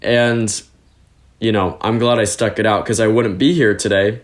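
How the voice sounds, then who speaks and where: A young man from California with a fairly low voice chats as an interview guest. He tells his stories in an animated, rambling way, leaning on "like" and "you know". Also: normal speed. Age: young adult. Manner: chatty, animated storyteller full of fillers. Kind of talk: casual interview storytelling.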